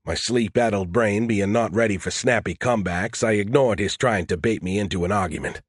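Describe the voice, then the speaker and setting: A man's voice: lowish voice, brisk, hardly any pauses, slightly rough, no room sound. A man narrating a first-person story in a dry, wry tone. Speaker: audiobook narrator.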